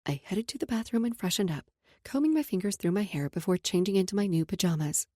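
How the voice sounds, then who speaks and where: Breathy woman narrating a romance audiobook. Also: medium pitch, lively intonation, fast, warm tone, dry recording. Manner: intimate, dropping to a whisper in close passages.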